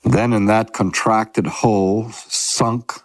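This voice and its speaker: A man reading aloud a sermon from a novel in a measured, dramatic way. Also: lowish voice, fairly even intonation, dry recording. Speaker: reader. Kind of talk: scripted narration of a sermon from a novel.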